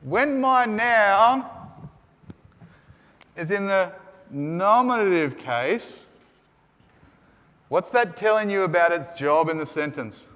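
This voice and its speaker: A high-voiced man teaches Greek grammar in a large hall, going slowly and pausing often. He runs an energetic call-and-response drill with the class that builds into shouting.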